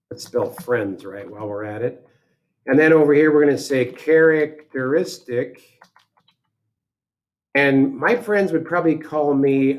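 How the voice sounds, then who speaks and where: Slow, unhurried male software instructor. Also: medium pitch. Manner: talks through each step aloud, casual and self-correcting. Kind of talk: screen-recorded software tutorial.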